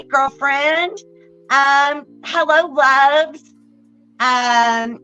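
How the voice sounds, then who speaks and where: A woman's voice: high-pitched, sharp tone. A woman with a Texan accent hosting a casual livestream reading, chatty and greeting viewers by name. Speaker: host and card reader. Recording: dull lo-fi livestream audio with faint music.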